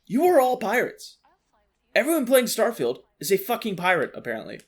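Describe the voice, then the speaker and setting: A man ranting about a video game, animated, exasperated and full of swearing. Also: high-pitched, a little fast. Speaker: streamer. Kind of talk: ranting gameplay commentary. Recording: faint lo-fi music underneath.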